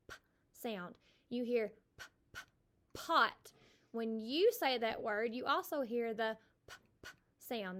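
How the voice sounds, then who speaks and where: A kindergarten teacher, a middle-aged woman with a drawl, leads a recorded phonics lesson. Her voice is bright and on the high side. She draws out each letter sound slowly and with care.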